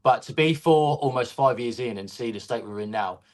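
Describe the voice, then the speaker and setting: A man's voice: mid-range voice, moderate pace. A man, a guest on a fan show, talking passionately in long runs about his club. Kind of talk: casual fan discussion.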